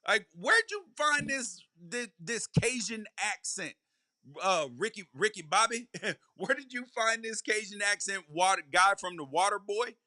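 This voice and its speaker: A man's voice: high voice, a little slow, bright, forceful tone, no room sound, clean studio sound. A man hosting a live college football podcast, a former player giving emphatic commentary and hammering his points home by repeating them. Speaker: podcast host.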